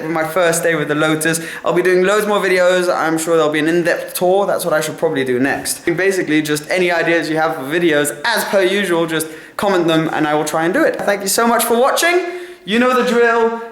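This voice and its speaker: A young man with an English accent chatting casually to camera at home as a vlogger, excitable and self-mocking. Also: high voice. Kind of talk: casual vlog chat to camera. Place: home, kitchen indoors. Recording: roomy echo.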